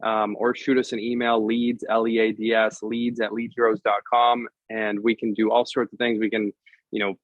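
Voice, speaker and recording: A man speaking as a vendor guest in a casual video interview, giving an upbeat sales pitch and spelling out web addresses. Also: flat delivery, moderate pace, no echo. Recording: dull, dry lo-fi audio.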